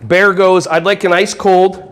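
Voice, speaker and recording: A man's voice: high voice, flat delivery, a little slow, fairly bright tone. A man giving a playful workshop talk to a live audience, joking and quizzing the crowd. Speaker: conference presenter.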